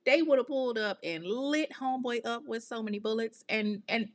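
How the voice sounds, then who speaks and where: A woman hosting a podcast, telling a true-crime story in a casual, animated way, with outspoken, exasperated asides in slang. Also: a little high, a little slow, hardly any pauses. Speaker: podcast host.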